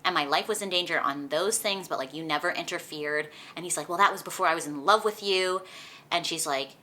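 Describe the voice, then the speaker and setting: A young woman chatting through a book recap for her vlog, animated and full of "like", recorded at home. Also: on the low side. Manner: chatty, animated retelling with lots of "like". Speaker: book vlogger. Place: indoors at home, sunlight on her face.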